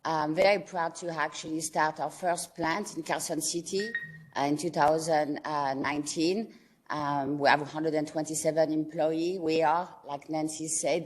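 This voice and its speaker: Low-voiced woman with a French accent. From France. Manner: earnest, filler-heavy, halting English. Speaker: company founder. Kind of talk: public testimony at a board meeting.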